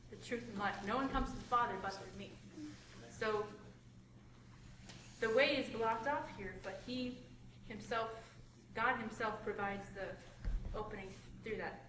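A woman talks through a scripture passage at a group study, eager and explanatory, now and then catching and correcting herself. She sits some way from the mic in a roomy, echoing space. A steady hiss of noise runs underneath her voice. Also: fairly high pitch, normal speed, recorded from a distance. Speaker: Bible study participant. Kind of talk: group discussion.

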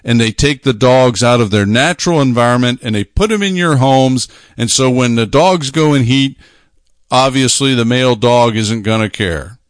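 A man's voice: mid-range voice, normal speed, dry recording. Emphatic male preacher, dry sound. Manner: emphatic, repeats phrases for stress. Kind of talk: sermon.

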